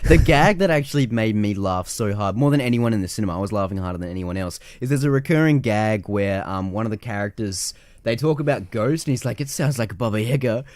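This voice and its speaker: A man co-hosting a casual film podcast, animated and swearing as he acts out movie scenes. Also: lowish voice, fast talker, dry recording. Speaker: podcast co-host.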